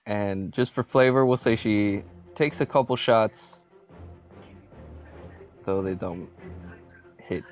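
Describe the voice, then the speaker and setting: A man running a tabletop game as game master, explaining rules in a relaxed way with lots of fillers over a headset. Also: fairly low pitch, slow, pauses often, soft background music. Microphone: headset microphone. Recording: dull, slightly muffled lo-fi voice chat.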